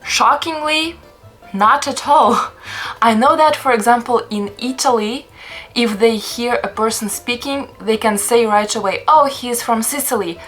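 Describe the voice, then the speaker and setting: A woman's voice: on the high side, measured pace, a bit bright, soft background music. A young woman from Russia with a Russian accent, narrating a travel vlog in a chatty, lightly humorous, explanatory way. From Russia (Perm). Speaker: travel vlogger.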